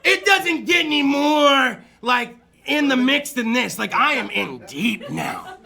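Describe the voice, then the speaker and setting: Brief: excitable, profane male comic, high gravelly voice, shouts punchlines. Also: takes it slowly. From Fresno area, California. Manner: loud, crude, excitable, often shouting and laughing. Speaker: comedian. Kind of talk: stand-up storytelling.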